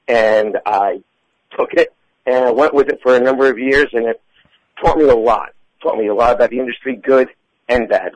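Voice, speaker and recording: A man, a fitness professional, answering interview questions with a voice he says is going, clearing his throat now and then. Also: medium pitch, no room sound, rough recording. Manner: measured, fillers and restarts, clears throat. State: losing his voice.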